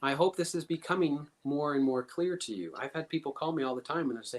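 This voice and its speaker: A man's voice: fairly high pitch, fast talker, hardly any pauses. A man giving an instructive talk as a guest speaker, coaching listeners earnestly and asking many rhetorical questions. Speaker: guest speaker teaching emotional coping steps.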